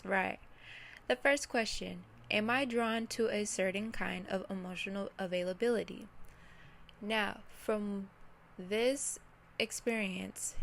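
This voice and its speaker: Her mid-range voice is creaky with a fairly bright tone. Close to tears, the woman shares her grief candidly with the camera, speaking to herself and her viewers alike in an emotional, unscripted reflection typical of a self-reflection vlogger.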